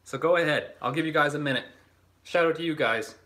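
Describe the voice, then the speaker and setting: Casting note: young Canadian-raised guy hosting his own livestream, chatty and profane, slightly high voice. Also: a little fast, bright, forceful tone. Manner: loose and joking, swears freely, laughs often. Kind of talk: casual livestream chat reading viewer comments.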